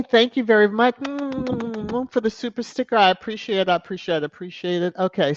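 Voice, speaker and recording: A woman's voice: fairly low pitch, a little mellow, no room sound. A woman hosting a live stream, chatting casually as she reads and thanks viewers for their donations. She is effusive and laughs often. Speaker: channel host. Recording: dull, dry lo-fi sound.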